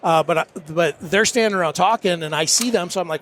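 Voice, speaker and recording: A man's voice: a little high, fast talker, few pauses, fairly bright tone, slight background noise. A middle-aged man on a podcast, telling a self-deprecating story with lots of restarts and nervous laughs. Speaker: podcast guest. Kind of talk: casual storytelling.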